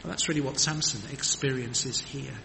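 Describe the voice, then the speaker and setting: A man's voice: mid-range voice, fairly even intonation, moderate pace, creaky. A man preaching a sermon in an earnest, emphatic manner, with rhetorical questions. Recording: long hall reverb, faint background noise.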